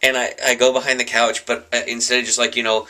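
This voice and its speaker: Rambling man with a sharp bright tone. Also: medium pitch, flat delivery, fast talker. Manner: rambling, filler-heavy, chuckling. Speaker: vlogger. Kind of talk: casual storytelling.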